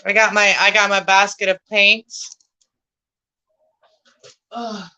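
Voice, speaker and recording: A young woman chats with her viewers in a loose, rambling way while she cleans at night, sometimes drifting off the mic. Her voice is bright and forward, and she talks in a middle pitch. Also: little pitch movement, takes it slowly, no echo, rough recording. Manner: rambling, talks to viewers by name, laughs often. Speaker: vlogger chatting with live viewers. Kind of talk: casual chat while cleaning. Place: home room at night.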